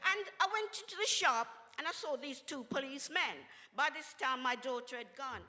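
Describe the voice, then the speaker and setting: An older woman, a reverend, speaks with a high, bright voice and a preacher's emphatic cadence. Her words ring out with a long reverb, as if from a large hall. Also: animated, normal speed. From England. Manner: emphatic, preacherly, with exclamations and laughter. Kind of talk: impassioned speech at a community event.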